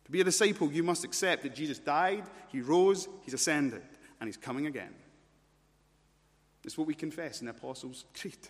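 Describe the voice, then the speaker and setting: A man preaching a sermon, emphatic, swinging between loud urgency and low intensity and repeating words as he builds a point. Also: fairly quick. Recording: long church-hall reverb.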